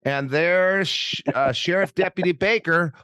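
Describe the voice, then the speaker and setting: A man's voice: sits high, unhurried, sharp tone, clean tone, no room sound. A man hosting a podcast, joking and teasing his guest in a rambling, casual chat. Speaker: podcast host.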